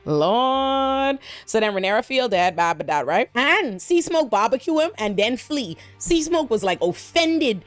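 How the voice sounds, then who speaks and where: A woman hosting a casual TV episode breakdown, talking in an animated, slangy, profane way with frequent exclamations. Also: fairly high pitch, a little slow, hardly any pauses, soft background music. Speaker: show recap host.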